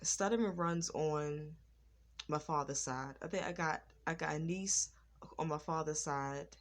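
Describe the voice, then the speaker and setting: Low-voiced woman who stutters and repeats herself. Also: unhurried. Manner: stutters, repeats phrases, restarts often; earnest, preachy repetition. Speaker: vlogger. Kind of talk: personal talk to camera.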